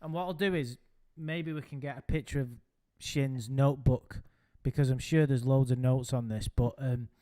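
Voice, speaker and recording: A man's voice: mid-range voice, fairly even intonation, normal speed, few pauses, warm tone, no echo, studio quality. A man hosting a casual chat, rambling and hesitant with frequent ums. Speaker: podcast host.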